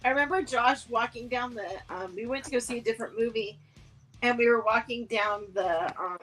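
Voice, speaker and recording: A woman's voice: a little high, brisk, a little hiss or hum. A woman co-hosting a podcast, chatting casually and acting out movie scenes with lots of laughter. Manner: animated, laughing storyteller who acts out movie scenes. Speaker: podcast co-host. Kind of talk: casual chat.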